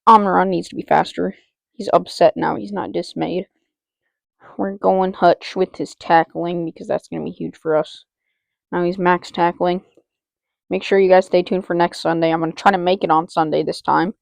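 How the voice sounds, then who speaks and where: A woman giving excitable live commentary on her own football video game, repeating player names and talking to herself as she plays. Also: lowish voice, normal speed, gravelly, dry recording. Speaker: gaming channel host.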